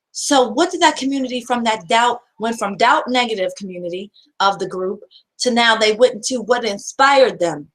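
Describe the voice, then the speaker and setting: A woman's voice: fairly high pitch, moderate pace, fairly bright tone, rough recording. A woman giving a motivational self-help talk, earnest and repetitive, asking her listeners rhetorical questions over and over.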